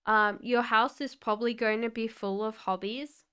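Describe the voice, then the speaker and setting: Aussie woman doing tarot on a stream, chatty, very clear smooth voice, pitched a bit high. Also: steady tone, moderate pace, bright, forceful tone. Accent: Australian, softened by years in Britain. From Australia. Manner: chatty and upbeat, laughs often, talks straight to viewers by name. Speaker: tarot reader. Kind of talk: live-stream tarot reading and chat.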